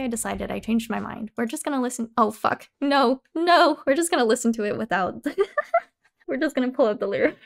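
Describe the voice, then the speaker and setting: A woman's voice: medium pitch, vocal fry, darkish tone. A young woman streaming casually, reading annotations aloud and talking to her chat with frequent laughs. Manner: chatty and candid, laughs often, talks to chat.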